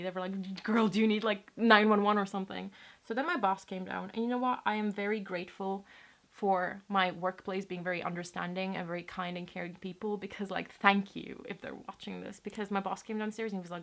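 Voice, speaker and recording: A young woman from Latvia telling a personal story to her camera in a rambling, casual way, swearing often. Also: mid-range voice. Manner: chatty, rambling, swears casually, many fillers. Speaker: vlogger.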